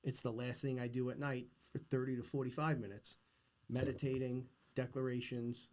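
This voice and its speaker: A man's voice: medium pitch, a little mellow. A middle-aged man hosting a podcast, talking earnestly and emphatically in a philosophical, casual conversation. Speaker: podcast host.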